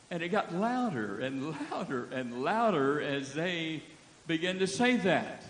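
A man's voice: fairly high pitch, very animated, moderate pace. A man preaching as a guest speaker, folksy and joking, leading the crowd from a stage. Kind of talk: sermon. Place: church hall with a stage. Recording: echoey hall.

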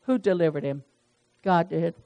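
A woman's voice: fairly low pitch, normal speed, dark tone, highs cut off. A woman leading a small-group Bible study, talking in a folksy, chatty way and reading verses aloud. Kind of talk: casual Bible study teaching.

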